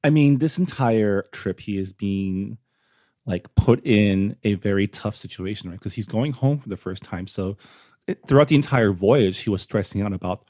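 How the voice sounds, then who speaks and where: Low-voiced man discussing a novel. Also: moderate pace, darkish tone, no room sound, clean studio sound. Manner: analytical, frequent "like" and "right?". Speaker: podcast co-host. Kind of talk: casual book club chat.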